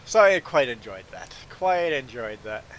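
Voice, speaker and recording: Speaking at a measured pace in a mid-range voice, a Belizean streamer recounts a story casually while livestreaming a farming game. He acts out the people he quotes, stays animated, and stammers on repeated "I"s. The low-quality recording carries slight background noise.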